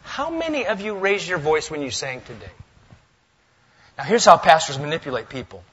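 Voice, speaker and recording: A male pastor preaching a sermon in a church, lively and swinging between loud, emphatic lines and hushed asides. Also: a little high, moderate pace, lo-fi sound. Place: church sanctuary.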